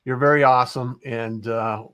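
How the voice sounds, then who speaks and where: A man hosts a casual live-stream interview in a mid-pitched voice. He speaks in an encouraging, affirming way and reflects back what his guest says. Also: steady tone, normal speed, a bit bright. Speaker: host.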